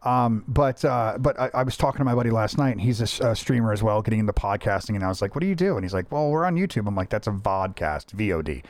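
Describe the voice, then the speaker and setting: A man's voice: lowish voice, steady tone, quick pace, few pauses, no echo. A middle-aged man hosting a casual podcast, telling stories animatedly, swearing freely and acting out the voices of the people he quotes. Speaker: podcast host. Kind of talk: casual chat.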